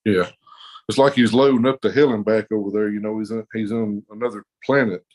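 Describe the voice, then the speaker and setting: A man's voice: lowish voice, steady tone, brisk, a little mellow, poor audio. A man telling a rowdy story on a podcast in a rambling, profane way, laughing often. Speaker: podcast guest. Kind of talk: casual storytelling.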